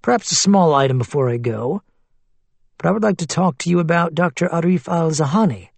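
A polite young investigator who asks direct questions, read by a male audiobook narrator close to his own voice. The tone is slightly husky and dry. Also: a little high, a little fast, no room sound, pitched above the performer's own voice.

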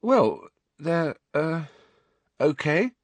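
A man's voice: on the high side, big pitch swings, very slow, dry recording, pitched above the performer's own voice, exaggerated voice. A man voicing a shy, nervous teenage schoolboy who hesitates and stammers.

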